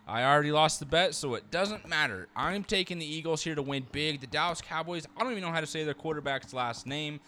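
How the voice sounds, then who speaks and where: A man co-hosting a sports-betting podcast, talking quickly and ribbing his partner. His voice is bright and forceful. The delivery is loose, casual chat. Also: on the high side. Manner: fast-talking, teasing banter. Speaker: podcast co-host making game picks.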